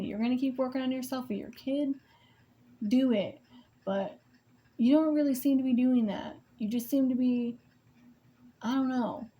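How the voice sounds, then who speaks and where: Eine fluchende junge Mutter, die sich beim Malen Luft macht. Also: female voice, high voice, warm tone. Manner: emotional, swearing, rambling with restarts. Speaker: mother venting about co-parenting. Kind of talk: casual venting vlog.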